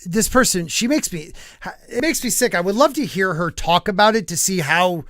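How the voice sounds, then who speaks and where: A man's voice: high-pitched, expressive, moderate pace, fairly bright tone, no echo, studio quality. A man hosting a casual podcast, ranting bluntly about the news and reading out viewer comments. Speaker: podcast host.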